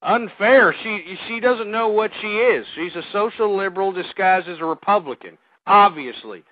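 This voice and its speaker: A male talk radio host with a fairly high voice, ranting angrily and stumbling over repeated words. The sound is dry and thin, like a phone line. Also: normal speed, no echo. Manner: angry, ranting, repeats himself.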